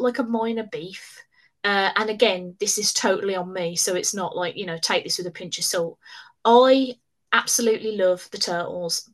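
A woman chatting casually as a podcast guest. She talks in an animated, rambling way, full of fillers and quick laughs, with a pitch that sits in the middle of the usual range. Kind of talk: casual chat.

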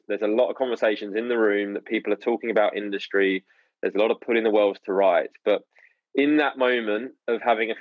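A man's voice: lowish voice, no echo, highs cut off. A man who is a guest on a podcast, reflectively telling how his project began. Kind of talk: casual podcast chat.

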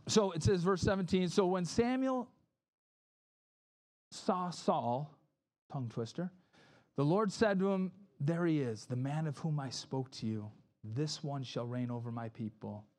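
Man preaching, slightly high voice, chatty, acts out quoted voices, restarts sentences. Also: measured pace, darkish tone. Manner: conversational preaching, often asks "right?". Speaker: pastor. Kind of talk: sermon.

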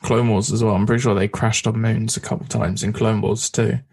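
Chatty low-voiced man recapping a show. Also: little pitch movement, brisk, darkish tone, husky. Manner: chatty, laughs often, does brief voices. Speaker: podcast co-host. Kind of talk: casual recap chat.

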